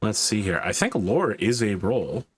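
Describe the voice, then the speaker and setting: Male game master, lowish voice, casual and chatty, narrating the action and talking rules out loud. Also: sing-song, measured pace, husky. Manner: casual, chatty, thinks aloud about rules.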